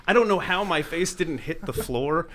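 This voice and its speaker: A man's voice: a little high, normal speed, fairly bright tone, slight background noise. A young man, a podcast guest, telling a long story casually, rambling and restarting, often laughing as he goes. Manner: rambling, self-interrupting, laughs through his story.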